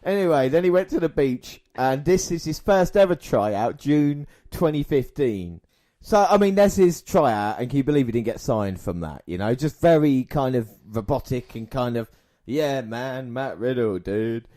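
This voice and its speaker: A man hosts a casual podcast, his voice pitched in an ordinary middle range. He talks in a crude, sarcastic way, swearing often and slipping into mocking impressions. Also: expressive, moderate pace, dark tone. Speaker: podcast host. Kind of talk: casual chat reviewing wrestling content.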